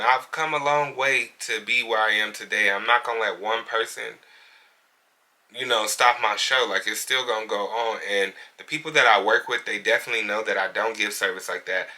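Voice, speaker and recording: A man's voice: mid-range voice, pushed and bright. A man, a hairstylist, candidly retelling a bad encounter with a client in a casual vlog. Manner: candid, conversational, indignant retelling. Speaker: hairstylist and salon owner.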